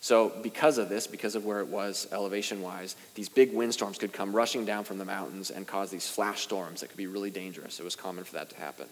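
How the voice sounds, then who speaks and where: A man's voice: low-pitched, steady tone, fast, hardly any pauses, big-room sound. A young adult male pastor preaching a sermon in a casual, self-deprecating way, with rising emphasis at key points. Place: church sanctuary.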